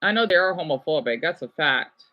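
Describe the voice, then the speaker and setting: A man's voice: fairly high pitch, animated, fairly quick, lo-fi sound. A young man reading viewers' chat comments aloud and answering them on a casual livestream. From United States.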